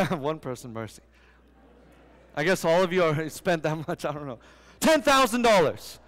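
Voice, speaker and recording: A man's voice: a little high, sing-song, moderate pace, fairly bright tone. A young man preaching a sermon, often quizzing the congregation with rhetorical questions. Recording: long hall reverb.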